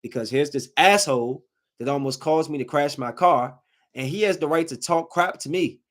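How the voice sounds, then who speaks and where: A fired-up man speaks, venting about a run-in on the road. His voice sits on the high side and keeps climbing toward near-shouting as his anger builds. It is loose, off-the-cuff podcast talk. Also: moderate pace. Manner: heated, ranting, rising to near-shouting when angry. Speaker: podcast host. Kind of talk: casual ranting monologue.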